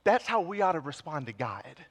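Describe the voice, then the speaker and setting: A man's voice: fairly high pitch, big pitch swings, normal speed, a bit bright. A man preaching a sermon as pastor, fervent and pleading, his intensity building as he speaks. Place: church sanctuary. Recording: long hall reverb.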